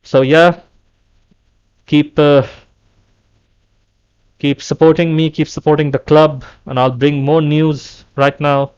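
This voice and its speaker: A man in a heated fan rant, with a slightly high voice. He talks in a fed-up way, repeats himself and often restarts his sentences. It is a casual solo vlog. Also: flat delivery, takes it slowly, pauses often, a little mellow, smooth, highs cut off. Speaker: football fan vlogger. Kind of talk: angry fan rant to camera.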